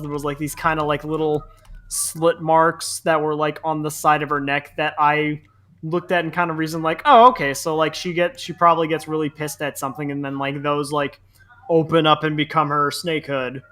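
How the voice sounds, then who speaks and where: A man's voice: fairly high pitch, fairly even intonation, brisk, sharp tone. A young man from Central New Jersey, co-hosting a podcast in a casual, rambling chat full of fillers. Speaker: podcast co-host.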